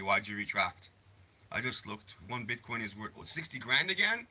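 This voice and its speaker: A man's voice: fairly low pitch, lively intonation, normal speed, bright, forceful tone. A man hosting a casual livestream from his phone, rambling, swearing freely, and answering chat messages. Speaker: livestream host.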